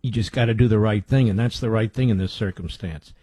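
Man, middle-aged, radio host, husky, dry close mic. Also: fast talker, warm tone, no echo. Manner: emphatic, rhetorical questions, drops low for asides. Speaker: radio talk show host. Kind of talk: political talk radio monologue.

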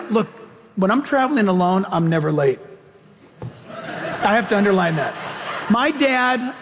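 A man preaching from a pulpit, his voice sitting notably high for a man. He tells stories with lively, animated delivery, and long reverb trails after each phrase, as in a large hall. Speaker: pastor. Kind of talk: sermon.

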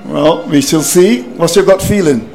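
High-voiced Caribbean cricket radio commentator, exasperated. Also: male voice, moderate pace, creaky, a little mellow, faint music behind, low-quality recording. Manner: exasperated, repeats phrases, chuckles at the collapse.

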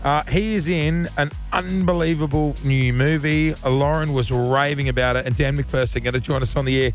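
A hoarse Australian man hosting breakfast radio, joking and self-mocking, his voice going. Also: a little high, steady tone, moderate pace, faint music behind. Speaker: radio host.

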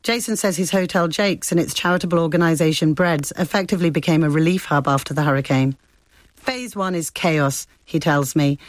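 A woman correspondent reading a scripted radio report in a measured, descriptive way. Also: sits low, no echo. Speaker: foreign correspondent.

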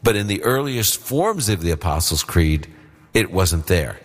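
A man's voice: deep voice, big pitch swings, unhurried, in a large hall. A man hosting a radio Bible question show, explaining verses plainly and checking that listeners follow.

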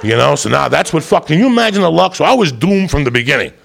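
A man's voice: fairly high pitch, very animated, fast, vocal fry, a bit bright. A man telling a long story in casual chat, rowdy and profane, full of asides to the listener. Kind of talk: casual chat, crime anecdote.

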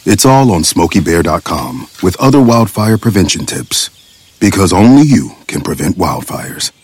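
A gruff, folksy cartoon bear mascot speaks in a very deep, husky voice. The delivery swings widely in pitch, steady and instructive, as in a public service ad. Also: male voice, normal speed, exaggerated voice.

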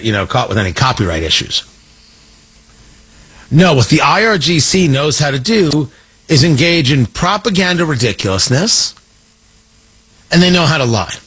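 A man's voice: fairly high pitch, sharp tone, breathy edge, rough recording. A man delivering an opinionated political monologue, sarcastic and emphatic, repeating points for effect. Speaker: political commentator.

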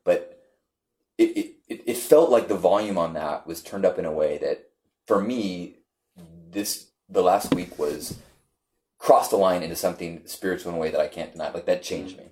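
A man on a podcast telling a story with animated, halting delivery and repeated words. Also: low-pitched, slight background noise. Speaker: podcast guest. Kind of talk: casual chat, storytelling.

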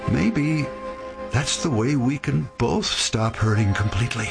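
A middle-aged man in a radio drama, talking gently and warmly with an orphaned child and chuckling often. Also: mid-range voice, lively intonation, unhurried, vocal fry, over loud music. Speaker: grieving man befriending an orphan.

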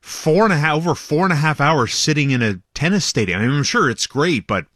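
A man's voice: fairly high pitch, expressive, brisk, a bit bright, no room sound, clean studio sound. A man giving a radio sports update, chatty and loose, laughing easily with his co-host. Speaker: sports reporter.

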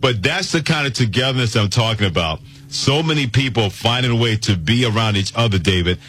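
A man's voice: mid-range voice, animated, fairly quick, a bit bright, slightly rough. A man hosting a sports talk radio show, speaking emphatically and teasing his co-hosts.

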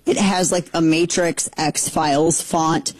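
A woman hosting a talk show, chatting in an excitable, sarcastic way and slipping into mock voices. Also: low voice, slow pace, no room sound, low-quality recording. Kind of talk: casual commentary chat.

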